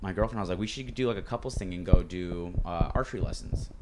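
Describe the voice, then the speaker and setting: A man's voice: deep voice, fast talker. A man co-hosting a podcast in casual chat, rambling with lots of fillers. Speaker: podcast co-host. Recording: noisy recording.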